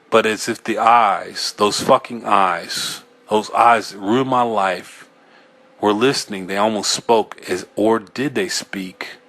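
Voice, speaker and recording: A man with a lowish voice reads a first-person horror tale aloud. His delivery is tense and halting, with small slips he corrects as he goes. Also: pushed and bright. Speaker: audiobook reader.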